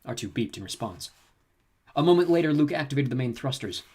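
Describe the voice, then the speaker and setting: A man narrating a sci-fi audiobook in a brisk storytelling manner. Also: mid-range voice, lively intonation, darkish tone, breathy edge. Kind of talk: scripted narration.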